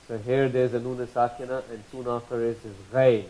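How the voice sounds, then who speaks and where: A man teaching Quran recitation rules, patiently repeating each example slowly and drawing out the sounds. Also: mid-range voice, flat delivery, mellow, poor audio. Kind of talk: slow tajweed lesson.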